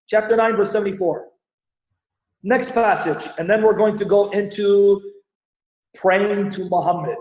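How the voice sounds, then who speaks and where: A man's voice: high voice, steady tone, a little slow, pauses often. A man hosting a livestream, reading scripture aloud and animatedly pressing his audience with rhetorical questions. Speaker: Christian apologist host. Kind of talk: livestream Bible-Quran debate teaching. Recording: echoey, dull lo-fi stream audio.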